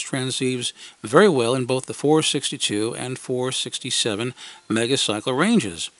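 A medium-pitched, fairly bright male voice reads a scripted first-person story at a moderate pace for an amateur radio program, recorded dry. As the segment's commentator, he delivers it wryly, with dry humor and acted quotes.

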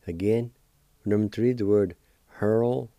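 A man with a very low, dark voice teaches vocabulary at an unhurried pace. He spells each word, then repeats it several times with patient encouragement. The sound is dry and close. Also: steady tone, dry recording. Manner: slow, patient, spells words out and repeats them. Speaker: language teacher and radio host. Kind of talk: radio language lesson.

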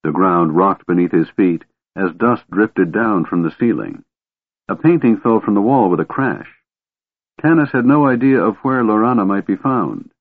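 A man reading fantasy fiction aloud as an audiobook narrator, in a steady, measured way. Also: lowish voice, breathy edge, dry recording. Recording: narrow phone-like audio, dry.

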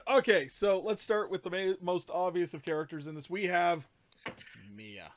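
A man's voice: high-pitched, animated, normal speed. A man hosting a casual movie review podcast, giving blunt, emphatic opinions with plenty of swearing. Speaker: podcast host.

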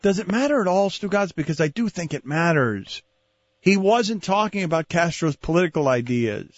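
A man hosting sports talk radio, arguing and teasing his co-host in lively banter. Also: high voice, moderate pace, dry recording. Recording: dull, lo-fi broadcast audio.

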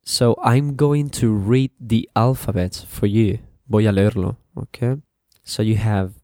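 Male tutor, mellow and unhurried, repeats and translates everything. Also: on the low side, fairly even intonation, no room sound, studio quality. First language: Spanish. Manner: slow and repetitive, switching to Spanish for translations. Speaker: English teacher. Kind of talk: bilingual language lesson.

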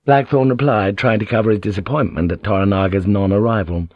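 A man narrates a novel at an even, measured pace. His voice is low and steady. The recording is dry and close, with no room sound. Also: dry recording. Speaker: audiobook narrator.

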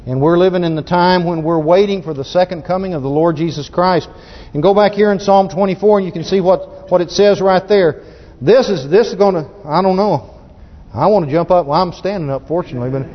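A high-voiced man preaches with folksy fervor, often restarting his sentences. His voice rings through a long reverberant hall, and the recording is dull and muffled. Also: brisk. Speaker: pastor. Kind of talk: sermon.

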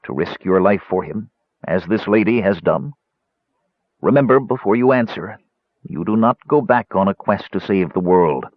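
A stern old master wizard, as a husky-voiced man reads him in an audiobook, solemn and commanding. The voice sits low and rises and falls with weight on each phrase. It is a dry, slightly dull recording. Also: lively intonation, normal speed, no room sound.

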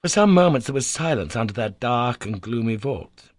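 Male audiobook narrator, measured, average pitch, dry. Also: expressive, no echo. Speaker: audiobook reader. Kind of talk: scripted narration of a novel.

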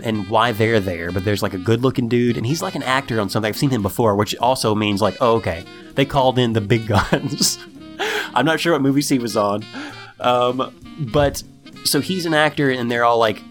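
A man casually recapping a TV episode for a podcast, acting out the characters in high, excited voices. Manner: animated storytelling, acts out characters in high voices. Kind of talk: casual chat.

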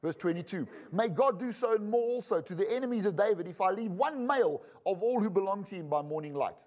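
High-voiced man preaching a sermon. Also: lively intonation, a little fast, hardly any pauses, darkish tone, highs cut off. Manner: conversational preaching with joking asides. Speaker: pastor and Bible school teacher. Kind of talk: sermon with scripture reading.

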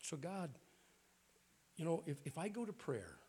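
A man's voice: fairly high pitch, sing-song, unhurried, warm tone, breathy edge. An older man with a Southern accent preaching a sermon in a folksy, joking way. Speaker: bishop preaching.

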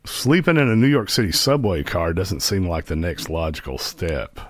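Guy with a low voice doing a sarcastic live stream, dry close sound. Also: very animated, normal speed, no room sound. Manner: mocking, sarcastic, laughs at own jokes. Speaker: host. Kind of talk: casual live-stream commentary.

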